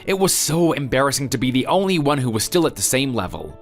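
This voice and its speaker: A man's voice: mid-range voice, sing-song, fast. A man playing a young husband who sounds defensive and whiny. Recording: faint background music.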